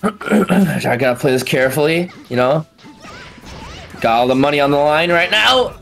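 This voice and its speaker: A tournament commentator doing excited fighting game play-by-play, yelling and swearing at big moments, then breaking the action down quickly in between. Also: medium pitch, gravelly, faint music behind. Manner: explosive yelling and swearing, frequent exclamations; calmer fast breakdowns between outbursts.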